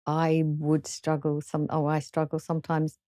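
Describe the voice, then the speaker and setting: Soft-spoken southern English woman. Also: deep voice, completely flat delivery, moderate pace, dry recording, clean studio sound. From southern England, London. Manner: hesitant, many fillers and restarts, soft. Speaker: author guest. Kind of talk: casual interview chat.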